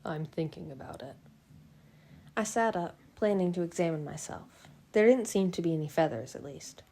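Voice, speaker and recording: Low, mellow woman reading aloud. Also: a little fast, a little hiss or hum. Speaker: fan audiobook reader. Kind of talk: first-person novel narration.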